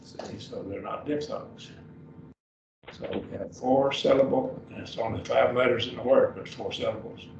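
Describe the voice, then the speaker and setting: A man teaching a Greek class, slowly sounding out words and repeating each one several times, with self-correcting asides. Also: mid-range voice, creaky. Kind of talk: classroom lesson. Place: church classroom. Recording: roomy, distant, dull lo-fi with faint noise.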